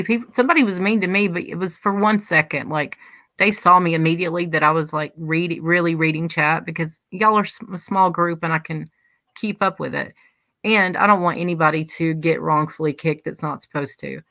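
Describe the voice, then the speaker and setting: A woman with a drawl hosts a livestream, talking loosely to her chat with lots of restarts. Her voice sits low with a gravelly fry, and it is recorded close and dry with no room sound. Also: a little fast, a bit bright, dry recording. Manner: rambling, chatty, many restarts. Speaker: livestream host. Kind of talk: casual chat reading live comments.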